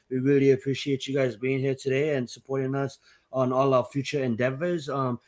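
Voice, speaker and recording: A man hosting a podcast, giving thanks in a halting way with lots of ums. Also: mid-range voice. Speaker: podcast host. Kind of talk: casual podcast outro.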